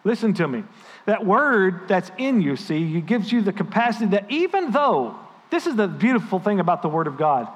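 Man preaching, high voice, emphatic, echoing sanctuary. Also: very animated, normal speed. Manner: storytelling preacher, emphatic and rising. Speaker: pastor. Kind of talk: sermon. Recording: long hall reverb.

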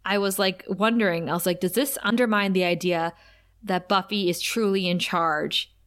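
A woman co-hosting a casual show recap, lively and quick to laugh, acting out scenes as she retells them. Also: fairly low pitch. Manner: animated, laughs often, acts out scenes. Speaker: podcast co-host.

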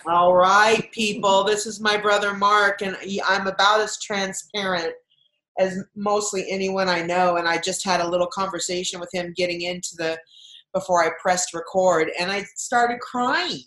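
A woman's voice: medium pitch, fairly even intonation, moderate pace, a bit bright. A woman podcast host chatting casually over a video call, talking in long run-on sentences. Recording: roomy video call audio.

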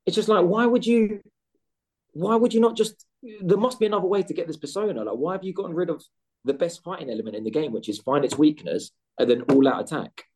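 A man co-hosting a gaming podcast, talking in animated casual chat with lots of swearing and restarts. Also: a little high, fast. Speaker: podcast co-host.

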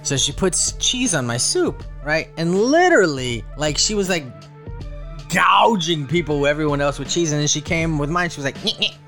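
Male podcast co-host, animated storyteller, slightly higher voice, faint music bed. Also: normal speed. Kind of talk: casual chat, storytelling.

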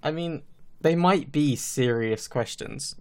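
A man co-hosting a podcast from his own microphone over a remote call. He jokes and swears freely in a casual, loose way, even eating between lines. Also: fairly high pitch, takes it slowly, clear, resonant tone. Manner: joking, swears freely, eats while talking. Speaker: podcast co-host. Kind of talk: casual chat.

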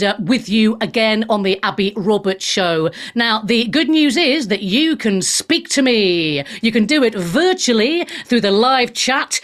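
A woman hosting a radio talk show, chatty and cheeky, laughing often and tossing off jokes. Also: on the high side. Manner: bubbly, jokey, cheeky asides, laughs often.

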